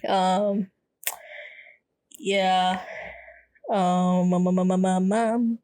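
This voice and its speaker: A young pregnant woman co-hosting a podcast, telling animated stories in casual chat and laughing often. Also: lowish voice, drawn-out words. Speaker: podcast co-host.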